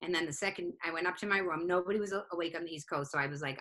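A woman comedian telling a story in casual chat, animated and profane, acting out each side of it. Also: low-pitched, quick pace, hardly any pauses. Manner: animated, profane, acts out both sides of a story. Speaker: stand-up comedian, guest.

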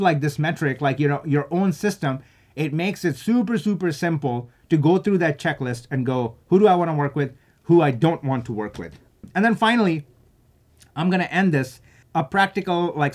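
A young man giving casual career advice in an animated, enthusiastic way, full of "like" and "right?". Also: on the high side.

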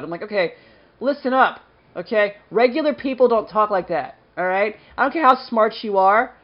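A man's voice: high voice, brisk, dull audio. A man co-hosting a podcast in casual, jokey chat, laughing often. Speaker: podcast co-host.

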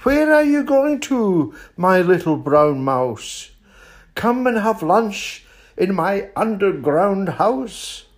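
An older man with a Scottish accent voicing a sly male fox in a high, sing-song voice. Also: sing-song, slow pace, exaggerated voice. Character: sly male fox, smooth then scared.

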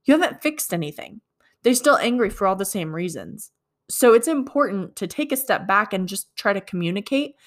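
A woman's voice: medium pitch, expressive, moderate pace. Woman leasing agent chatting through a story, playing both sides of the convo. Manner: conversational, acts out both sides of dialogue. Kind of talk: storytelling sales advice.

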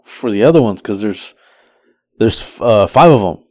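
A man's voice: medium pitch, lively intonation, unhurried, long pauses, a little mellow, no room sound, studio quality. A man, casually telling a rideshare story as a podcast co-host, acting out his passengers' lines in raised voices.

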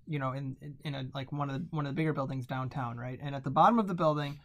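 A man's voice: medium pitch, racing. Man telling a story in casual talk. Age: late 20s to 30s. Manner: relaxed, anecdotal, uses "right?" often.

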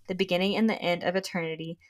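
A woman's voice: fairly low pitch, fairly even intonation, very fast. A young woman co-hosting a book podcast, enthusiastically discussing and reading passages aloud. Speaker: podcast co-host.

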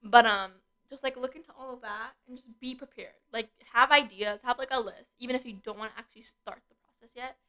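Teenage girl at a desk mic, slightly high voice, chatty about school stuff, talks fast. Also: steady tone, pushed and bright. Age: teens. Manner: chatty, uses filler "like" a lot. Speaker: co-host. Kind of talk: casual advice chat. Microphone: desk microphone.

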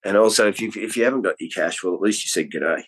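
A middle-aged comedian guesting on a podcast talks in a fairly low, husky, rapid-fire voice. In casual conversation he's blunt and jokey, swearing, calling people mate, and acting out little scenes.

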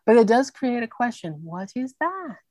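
A woman hosting an interview, reacting with quick, encouraging remarks. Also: a little high, very animated, dark tone, no room sound. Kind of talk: interview conversation.

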